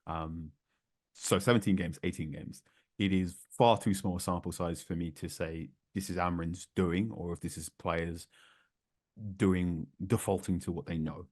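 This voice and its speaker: Low-voiced football journalist, animated. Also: male voice, normal speed, no echo, studio quality. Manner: animated, repeats words for emphasis. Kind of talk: conversational podcast analysis.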